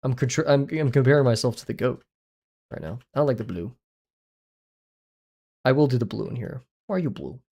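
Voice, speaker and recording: A man's voice: mid-range voice, brisk, long pauses, warm tone. A man livestreaming while he draws, chatting in a rambling, self-deprecating way. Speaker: livestreaming artist. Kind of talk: casual livestream chat while drawing.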